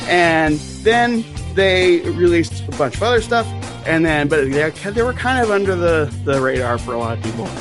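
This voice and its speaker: Male podcast host, fairly high voice, animated storyteller, clear music behind. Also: normal speed. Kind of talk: casual chat.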